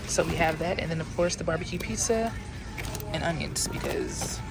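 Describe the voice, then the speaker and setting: A woman's voice: low-pitched, lively intonation, normal speed, loud music behind the voice. A young woman in her twenties, a doctoral student vlogging in a casual, upbeat way to her phone camera while walking outdoors on campus. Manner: chatty and upbeat, talking to the camera. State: out of breath from walking. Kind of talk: casual vlog chat.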